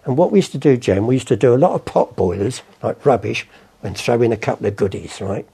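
Telling rambling stories fast and expressively, an older former art forger voices the people in his anecdotes during a storytelling interview. His voice is mid-range, gravelly, and dark in tone.

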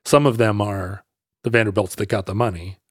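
A man's voice: on the low side, fairly even intonation, a little fast, no echo, studio quality. A man casually telling a history story on a podcast, rambling and correcting himself as he goes. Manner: rambling, self-correcting, laughs easily, tries funny voices.

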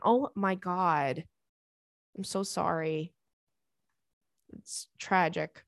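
A woman's voice: on the low side, takes it slowly, long pauses, no room sound. Chatty young woman podcast host, dry sound. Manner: chatty and sympathetic, with frequent restarts and fillers. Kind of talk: casual chat, reading a listener email aloud.

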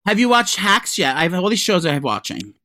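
A man co-hosting a podcast, chatting casually with a gossipy, animated manner and free swearing. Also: sits high, fairly quick, dry recording. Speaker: podcast co-host.

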